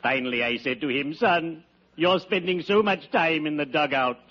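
A man playing a syrupy, deadpan undertaker. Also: a little high, normal speed, highs cut off, close to an everyday voice. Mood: unctuous. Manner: syrupy, pompous and deadpan with morbid puns. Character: unctuous male undertaker, droll and gloomy. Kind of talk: 1940s radio acting. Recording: scratchy old radio broadcast.

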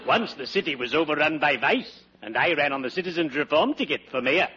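Guy doing a deadpan undertaker cracking grave jokes, slightly high voice, loud hiss on an old dull radio recording. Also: natural voice. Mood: droll. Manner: dry, punning, unhurried. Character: wisecracking middle-aged male undertaker, cheerfully morbid. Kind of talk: 1940s radio sitcom acting.

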